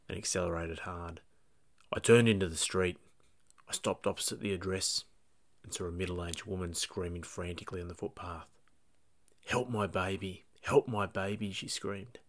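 A man, a police dog handler, narrating his own true story in a measured, tense way. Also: low-pitched.

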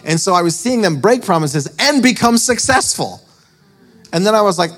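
A man's voice: fairly high pitch, lively intonation, moderate pace, a bit bright. A man preaching a storytelling sermon, chatty and self-mocking, often laughing at his own story. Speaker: preacher and author.

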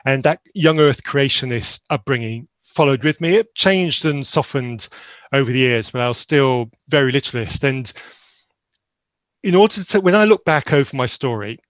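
Man around 50, grew up in Zambia, mid-pitched, earnest and candid, halting restarts, dry close mic. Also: expressive, dry recording. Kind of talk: reflective personal storytelling.

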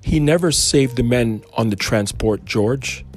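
A man voicing a mild male angel who explains slowly and insistently. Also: mid-range voice, soft background music, lightly acted.

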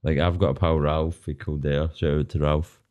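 A man's voice: extremely low pitch, little pitch movement, brisk, clean tone, highs cut off. A Scottish man in casual podcast chat, joking around and swearing freely. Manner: swears freely, jokey banter.

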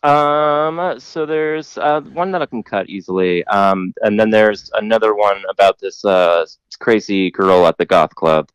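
A man's voice: on the low side, measured pace, few pauses, clean tone, dry recording, highs cut off. A man hosting a podcast, telling a long story in a rambling, profane way full of fillers. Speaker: podcast host telling stories. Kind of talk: casual storytelling.

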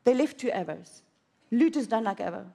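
A woman's voice: on the high side, animated, moderate pace, vocal fry, warm tone. A woman preaching a sermon in an auditorium, telling a personal story with dramatic swings of emotion.

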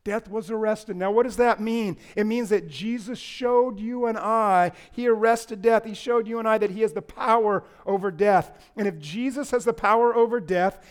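A man preaching a sermon as pastor, rising to loud impassioned lines and dropping low, with playful asides to the congregation. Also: normal speed, few pauses.

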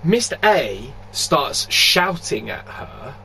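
Man, raised pitch, lively swearing storyteller, chatty podcast guest. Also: slow pace, vocal fry, a little hiss or hum. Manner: animated anecdote telling, swears freely, laughs often. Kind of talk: casual chat.

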